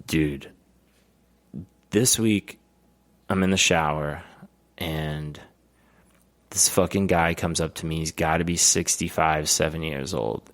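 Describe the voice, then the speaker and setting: A man's voice: sits low, steady tone, takes it slowly, pauses often. A man in his thirties co-hosting a podcast, telling profane stories in casual chat and laughing often. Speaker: podcast co-host.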